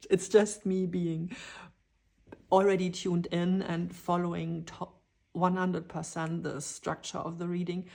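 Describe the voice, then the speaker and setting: A woman giving a dreamy, spontaneous channeled tarot reading, drifting into whispers and excited exclamations. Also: fairly low pitch, unhurried, creaky. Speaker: tarot reader.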